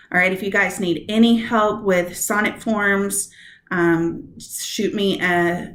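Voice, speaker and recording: A woman's voice: on the low side, a bit bright. Woman teaching poetry meter, echoey room. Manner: explains step by step, sounds out stress patterns slowly. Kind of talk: recorded classroom lesson on poetry meter.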